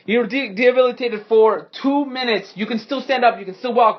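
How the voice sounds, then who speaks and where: A man narrating a tabletop game as game master, animated and quick to laugh at himself. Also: very high-pitched, highs cut off. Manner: animated, breaks into laughing asides.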